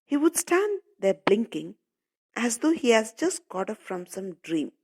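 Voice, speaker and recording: A woman's voice: on the high side, very animated, unhurried, a little mellow, husky. A woman English teacher explaining a story to schoolchildren, patiently repeating and paraphrasing while calling them children.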